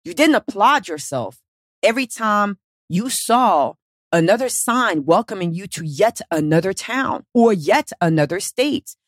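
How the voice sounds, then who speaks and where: A woman hosting a motivational podcast as a weight-loss coach, talking casually and bluntly with plenty of swearing and lively storytelling. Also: medium pitch, a little slow, no echo, clean studio sound. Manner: casual, profane, animated storytelling.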